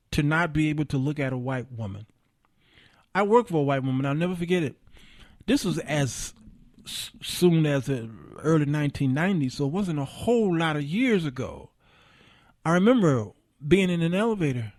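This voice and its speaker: A man's voice: on the high side, no room sound, studio quality. Passionate middle-aged man hosting a show. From Chicago area, US. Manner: passionate, preacher-like, rising and falling emphasis. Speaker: talk show host. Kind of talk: livestream monologue.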